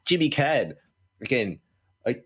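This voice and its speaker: A man's voice: medium pitch, sing-song, unhurried, breathy edge. A man, co-hosting a podcast, ranting and swearing in casual film chat. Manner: profane, ranting. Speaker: podcast co-host.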